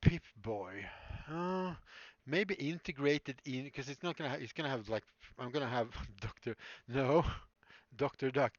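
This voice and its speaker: A man chatting on a live stream while making props, rambling and laughing as he answers his chat. His voice has a mid-range male pitch. It sounds dry and muffled, with dull lo-fi stream audio. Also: animated, measured pace, hardly any pauses, no room sound. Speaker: livestreaming prop maker. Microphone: streaming mic.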